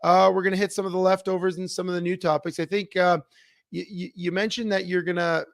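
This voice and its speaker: Animated man telling stories on a sports show. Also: high-pitched, fast, gravelly, no echo, clean studio sound. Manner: animated storyteller, many fillers and restarts. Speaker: co-host. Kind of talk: casual sports talk show chat. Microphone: remote computer mic.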